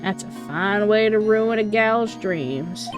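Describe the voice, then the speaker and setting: A woman's voice: mid-range voice, slow pace, music in the background, lightly acted. A woman doing a folksy southern gal with a drawl. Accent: put-on American Southern. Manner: folksy drawl, self-admittedly shaky. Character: cheerful southern woman photographer, friendly.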